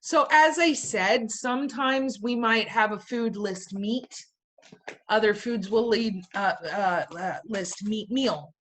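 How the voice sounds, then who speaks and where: A woman's voice: a little high, takes it slowly, a bit bright. A woman teaching a class in a playful way, firing questions at her students and tossing in jokey asides. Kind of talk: classroom lecture.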